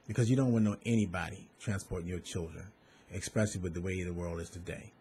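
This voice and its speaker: Man, low voice, urgent plea to parents, repeats key words, faint hiss behind. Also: fairly even intonation, fast talker, darkish tone. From Maryland. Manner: earnest, repeats and stresses points. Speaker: school bus safety advocate, former contractor. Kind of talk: direct public appeal to parents.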